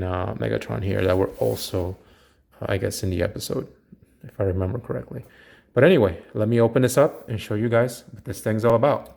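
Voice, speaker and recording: A man in a casual unboxing video talks through collectible figures in a relaxed, meandering way. His voice sits a little low, and he fills pauses with plenty of uhs and ums. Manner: relaxed, rambling with frequent fillers. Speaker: toy collector reviewer.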